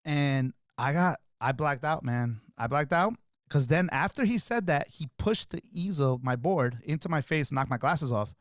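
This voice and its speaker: A man's voice: a little high, animated, moderate pace, dry recording, studio quality. A middle-aged man, a podcast guest, telling stories in a casual street manner and acting out the people in them. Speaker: podcast guest, artist and photographer. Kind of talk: animated storytelling.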